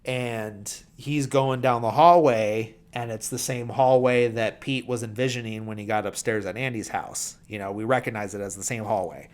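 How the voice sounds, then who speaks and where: A man's voice: lowish voice, steady tone, moderate pace, hardly any pauses. A man hosting a podcast, casually recapping a film's plot with lots of fillers and mumbled quoted lines. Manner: rambling, filler-heavy, drops into quiet mumbled quotes. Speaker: podcast host.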